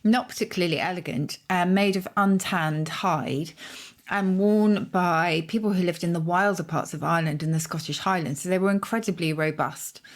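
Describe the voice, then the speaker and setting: An Englishwoman co-hosts a podcast about words, explaining where they come from in a thoughtful, measured way. She often adds hedges as she talks. Her voice sits a little low. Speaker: podcast co-host, word expert. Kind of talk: casual explanatory conversation.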